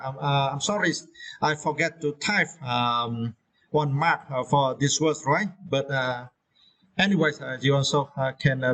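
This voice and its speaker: A man teaching English vocabulary, pausing often with fillers and checking in with "right?". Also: on the high side, a bit bright. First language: Vietnamese. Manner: hesitant, many fillers and tag questions. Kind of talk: vocabulary lesson.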